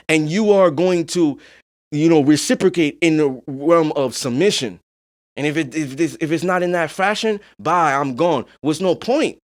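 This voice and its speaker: In a fairly high voice at a moderate pace, a man runs a casual podcast monologue. His talk is emphatic and blunt, laced with free swearing and constant "you know what I'm saying" check-ins.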